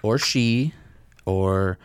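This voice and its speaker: Low-voiced man ranting on a podcast. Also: very slow, noisy background. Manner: ranting, profane, laughing between lines. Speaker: podcast co-host. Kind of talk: casual comedy podcast chat. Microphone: close podcast mic.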